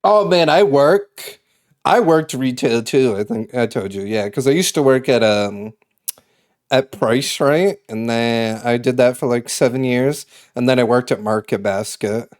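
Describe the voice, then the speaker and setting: A man's voice: mid-range voice, measured pace, darkish tone. Casually rambling, swearing young man. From Massachusetts. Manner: rambling, swearing, laughs often. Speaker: streamer. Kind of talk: casual chat on a livestream.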